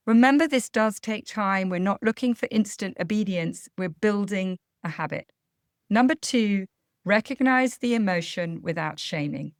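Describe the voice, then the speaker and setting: A woman, a parenting coach speaking in a calm, measured and explanatory way on a podcast. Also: medium pitch, smooth, no echo, studio quality. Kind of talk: podcast advice talk.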